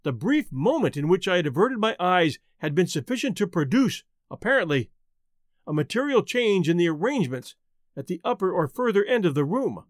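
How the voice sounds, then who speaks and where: A man narrating a gothic tale as a dramatic reading, measured and slowing for emphasis. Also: high-pitched, very animated, no echo, studio quality.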